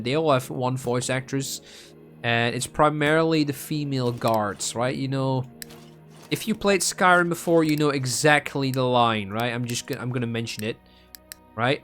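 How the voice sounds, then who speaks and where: A man's voice: medium pitch, a bit bright. A young man from the Netherlands with a Dutch accent, chatting casually as a gaming streamer and rambling with many ums and restarts. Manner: rambling and self-mocking, with frequent ums and restarts.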